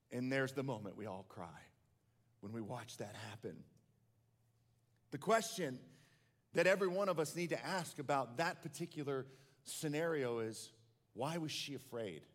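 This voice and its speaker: A man's voice: medium pitch, moderate pace, long pauses, big-room sound. A male pastor delivering a sermon, telling a story and building to passionate questions for the congregation.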